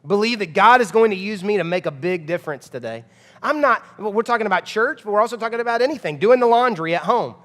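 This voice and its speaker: A man's voice: high voice, expressive, quick pace, fairly bright tone, long reverb tail. A man in his thirties preaching a sermon as pastor, emphatic and conversational, with frequent rhetorical questions to the congregation. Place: church auditorium.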